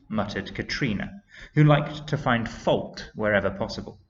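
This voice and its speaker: A man reading a children's story aloud to young pupils, slow and expressive, on a dull lo-fi recording. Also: lowish voice, a little hiss or hum. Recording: dull lo-fi sound.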